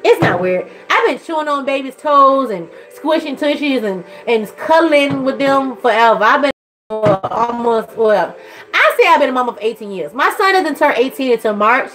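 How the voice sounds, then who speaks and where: Talking to camera in a relaxed way, this mother and vlogger gushes and wanders from topic to topic, her voice leaping into high, excited registers.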